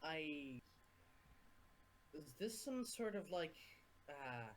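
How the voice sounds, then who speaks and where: A woman's voice: deep voice, very animated, very slow, slight background noise, low-quality recording. A woman playing a tabletop role-playing game, stumbling and searching for words. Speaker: player. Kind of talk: casual tabletop play.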